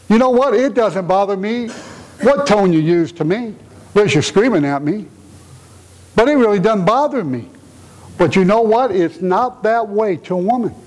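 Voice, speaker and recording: Guy preaching, kinda high voice, earnest and emotional, keeps asking the crowd questions. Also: rough recording. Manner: earnest, repeats rhetorical questions; emotional, tender-hearted delivery. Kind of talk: conversational sermon.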